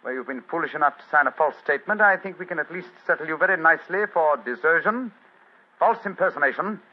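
An actor playing a cool, precise master detective, quietly superior, in 1940s radio acting style. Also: male voice, fairly high pitch, lively intonation, fast talker. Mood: coolly accusing. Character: sharp, cool-headed male master detective. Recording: dull lo-fi 1940s radio recording.

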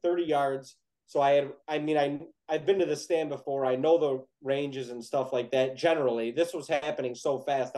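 A young man with a somewhat high-pitched voice recounts a story in a loose, chatty way. He is animated and excitable, and scatters "like" through his sentences. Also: poor audio. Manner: animated, heavy use of "like", excited retelling. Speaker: podcast guest telling a hunting story. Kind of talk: casual storytelling.

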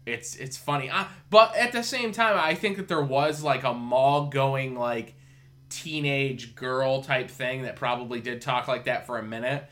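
A man's voice: medium pitch, a little slow, fairly bright tone. A man hosting a podcast in casual chat, rambling with lots of fillers and swearing. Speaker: podcast host.

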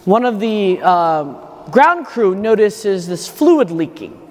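A man's voice: high-pitched, sing-song, slow pace, darkish tone. A man, a priest, giving a homily at Mass, telling a story in a loose, conversational way as if thinking aloud. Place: church. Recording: echoey church reverb.

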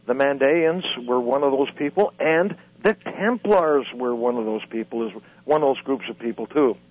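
A man speaking as an author and lecturer guest on a radio interview, halting and repeating words as he tells his story. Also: mid-range voice. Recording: dull lo-fi radio audio.

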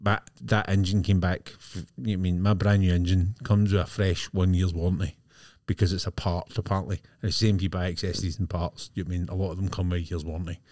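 A man's voice: deep voice, level tone, fast, darkish tone, no echo, studio quality. A man co-hosting a podcast, rambling in casual chat and often checking that he is understood. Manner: rambling, often adds "do you know what I mean". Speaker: podcast co-host.

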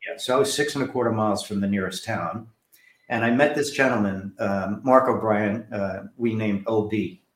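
This is a storytelling interview with a New Jersey-born author and director who acts out the voices of people from his past. He has a fairly low pitch and a moderate pace, recorded in an echoey room.

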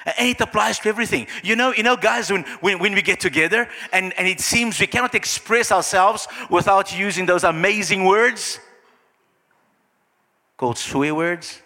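A bright, high-pitched man preaching in a hall with a long, ringing reverb. He drops into hushed, lower voices to act out small everyday scenes. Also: normal speed. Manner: acts out little scenes in soft, low voices. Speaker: pastor. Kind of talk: sermon.

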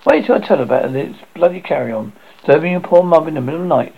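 A man voicing a sharp-tongued, sarcastic older mother who scolds her grown son, in a storybook reading. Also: fairly high pitch, lively intonation, racing, creaky, husky, phone-quality sound, full character voice. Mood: gleeful.

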